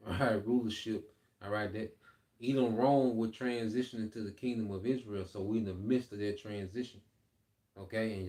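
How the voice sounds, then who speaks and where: A Bible teacher with a fairly low, darkish voice teaches scripture informally. He reads verses aloud, then explains them in a loose, repetitive way, frequently ending lines with "man" and "okay?".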